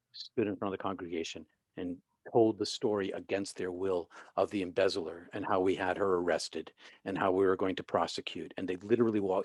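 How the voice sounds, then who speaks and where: Animated male guest, low dry voice. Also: no echo. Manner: animated, restarts often, acts out quoted people. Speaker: guest, author and former minister. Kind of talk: storytelling interview.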